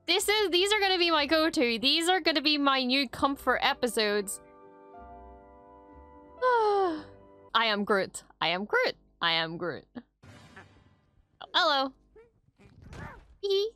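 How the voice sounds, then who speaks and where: A young woman hosting a reaction video, chatting casually and gushing, squealing high when something is cute. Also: pushed and bright, smooth. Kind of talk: excited casual reaction commentary.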